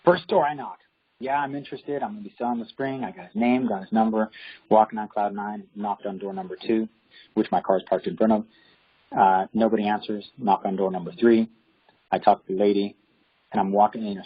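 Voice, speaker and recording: A husky-voiced man talks about real estate work in a relaxed interview. He tells his stories with animation and acts out the people in them. The recording sounds dull and lo-fi. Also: lowish voice. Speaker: real estate agent guest. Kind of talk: casual interview storytelling. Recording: dull lo-fi audio.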